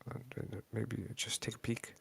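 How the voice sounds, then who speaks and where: A man's voice: lowish voice, little pitch movement, normal speed, creaky, slightly rough. A man playing a tabletop game, cautious and hesitant in what he suggests. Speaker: player. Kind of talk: casual tabletop role-play.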